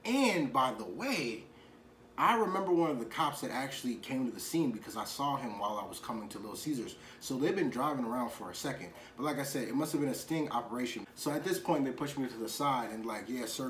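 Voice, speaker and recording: A man tells a wild story from his delivery shift straight to camera, loose and slangy, throwing in "you know what I'm saying" again and again. His voice sits at an ordinary pitch and rings in an echoey room. A faint hiss lies under it. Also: animated, a little fast, a bit bright. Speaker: vlogger, delivery driver.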